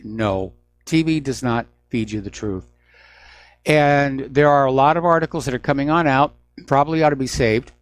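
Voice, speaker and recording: A man's voice: medium pitch, moderate pace, no echo. A man hosting a radio news talk show, delivering an emphatic, indignant commentary monologue.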